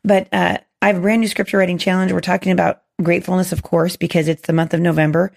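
A woman hosting a faith podcast, hoarse with a gravelly voice, earnest and encouraging with many restarts. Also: fairly low pitch, level tone, fast, a little mellow. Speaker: podcast host.

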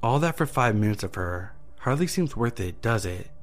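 A man's voice: medium pitch, very animated, normal speed, faint music behind, natural voice. A man voicing a smug, mocking male deal maker who taunts with gleeful amusement in a horror story reading. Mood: taunting.

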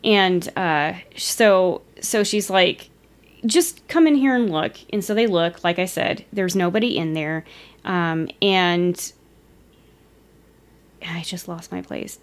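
A woman's voice: lowish voice, fairly even intonation, slow. A woman retelling a story in a casual, chatty way, giggling and sometimes losing her place. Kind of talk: casual storytelling of a ghost encounter.

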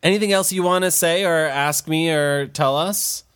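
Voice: mid-range voice, moderate pace, a bit bright, clean tone, dry recording, clean studio sound. An adult host with an upbeat, encouraging manner, interviewing a young guest in a casual chat and laughing easily. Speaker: host interviewing a child author.

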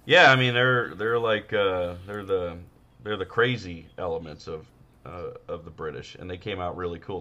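A man co-hosting a podcast, talking in crude casual banter that trails off and mumbles, now and then jumping into high mocking voices. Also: sharp tone. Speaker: podcast co-host. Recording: dull lo-fi sound.

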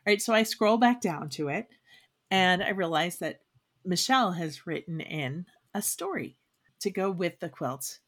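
A woman's voice: on the low side, lively intonation, unhurried. A woman co-hosting a podcast in casual chat, leading the conversation with questions. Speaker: podcast co-host.

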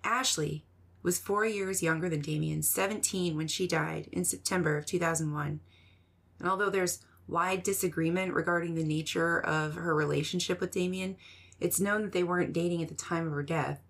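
A woman hosting a podcast, giving measured, scripted true-crime narration. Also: lowish voice, fairly even intonation, a bit bright, husky.

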